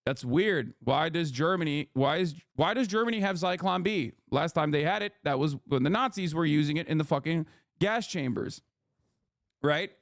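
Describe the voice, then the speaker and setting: A man in his thirties streaming political commentary from home, his somewhat high voice climbing when he gets worked up. He talks in heated, profane, incredulous bursts into a close desk mic with a dry, dead sound. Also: animated, normal speed, dry recording. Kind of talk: casual livestream commentary.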